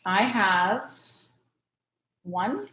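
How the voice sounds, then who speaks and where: A woman's voice: mid-range voice, big pitch swings, drawn-out words, highs cut off. A woman hosting a live-stream sale, chatting in a gushing way and laughing often. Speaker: host selling crystals. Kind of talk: live-stream sales chat.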